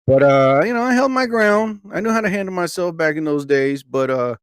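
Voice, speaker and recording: A man hosting a live stream, rambling and animated with lots of filler words. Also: on the high side, brisk, smooth, no room sound, studio quality. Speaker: livestream host.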